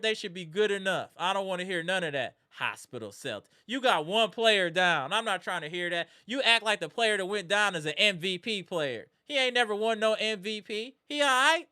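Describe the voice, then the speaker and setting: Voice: mid-range voice, sharp tone, smooth. A live sports reaction streamer in a casual rant, trash-talking rival fans with lots of slang.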